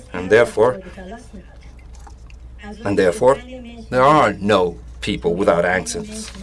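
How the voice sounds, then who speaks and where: A man, an author, giving a reflective spoken essay in a deliberate, musing way with small restarts. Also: fairly low pitch, a bit bright. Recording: audience noise in the room.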